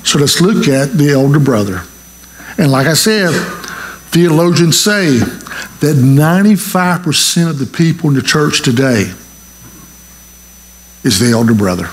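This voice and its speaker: A man preaching a sermon as pastor, animated and asking the congregation questions. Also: a little high, measured pace, long pauses, roomy sound, a little hiss or hum, rough recording.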